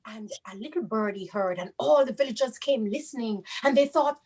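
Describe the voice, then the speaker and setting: Animated Caribbean woman telling a story. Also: fairly high pitch, fairly quick, husky, rough recording. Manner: animated, sing-song, explains local words. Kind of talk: children's storytelling.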